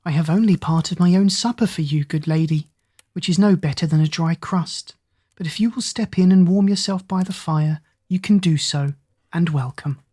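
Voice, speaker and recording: A woman's voice: lowish voice, moderate pace, warm tone, slightly rough, dry recording. Cinderella, a woman voicing a meek young servant girl. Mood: humble.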